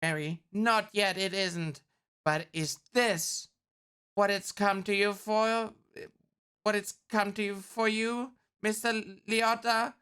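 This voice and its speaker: A woman's voice: medium pitch, fairly even intonation, slow, a bit bright, clean tone. A woman voicing an earnest male bee lawyer, reading a film script aloud in her own plain voice. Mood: indignant. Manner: plain read-aloud delivery.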